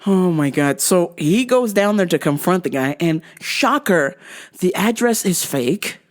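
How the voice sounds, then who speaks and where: A woman's voice: fairly low pitch, animated, measured pace. A woman podcast host telling a comic story, profane and exasperated.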